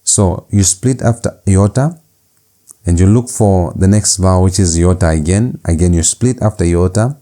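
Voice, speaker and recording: A man giving a recorded language lecture, explaining step by step in a slow, deliberate way and repeating key words for students to copy. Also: low voice, mellow. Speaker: Greek language instructor.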